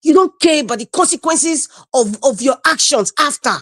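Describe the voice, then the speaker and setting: This Nigerian-accented woman, a video call panelist, repeats herself emphatically as she gives heated, indignant political commentary. Her high voice is expressive and moves at a moderate pace. The recording is dry.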